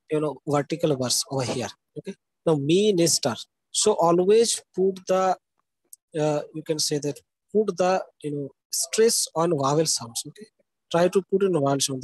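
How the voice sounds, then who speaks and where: A male lecturer teaches a class over a video call. His voice sits a bit high and husky, recorded dry and close. He keeps checking in with the students as he goes. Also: dry recording, low-quality recording. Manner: repeats "okay" and "isn't that" as checks. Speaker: English literature lecturer. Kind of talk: live online lecture.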